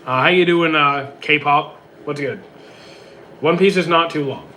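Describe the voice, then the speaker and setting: A man streaming, reading out chat questions and answering them in a quick, offhand way with many fillers, his voice worn out. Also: on the high side, sharp tone, a little hiss or hum. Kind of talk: casual livestream chat.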